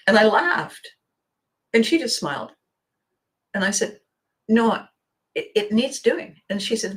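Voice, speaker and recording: A woman's voice: fairly high pitch, expressive, measured pace, long pauses. A middle-aged woman hosting a podcast, telling a story animatedly and laughing often. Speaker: podcast host. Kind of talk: storytelling monologue.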